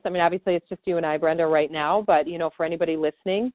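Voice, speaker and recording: A woman's voice: low voice, steady tone, racing, dry recording. A woman practitioner guiding a tapping session and chatting easily, with lots of fillers. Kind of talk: guided tapping and casual chat. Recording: tinny phone-like call audio.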